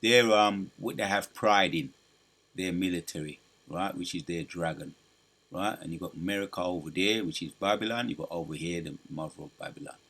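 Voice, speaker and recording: A man preaching over news clips in an emphatic way, stopping to read scripture aloud. His voice sits a little low, but his tone is bright and forceful. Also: moderate pace. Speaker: religious commentator.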